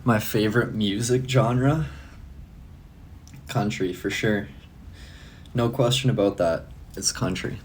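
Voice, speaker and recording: A man's voice: lowish voice, fairly even intonation, slow, long pauses, a little hiss or hum. A young man chatting casually on a live stream, loose and profane, laughing often. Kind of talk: casual live-stream chat answering comments.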